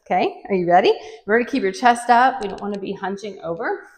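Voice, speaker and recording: A woman's voice: medium pitch, fast, reverberant. A woman fitness instructor leading a workout, counting reps aloud and encouraging, a bit out of breath as she moves.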